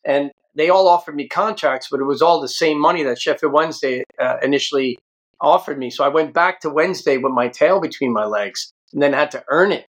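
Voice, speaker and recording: A man in his fifties from the United States, telling stories from his playing days in a casual, animated way. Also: a little high, brisk. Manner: animated, acts out quoted voices. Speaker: guest, former pro soccer player. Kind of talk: casual storytelling.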